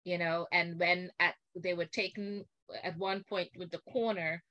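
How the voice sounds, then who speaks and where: An older woman, a guest on a video call, telling an indignant story with animated, acted-out quotes. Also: fairly low pitch, measured pace, dull audio.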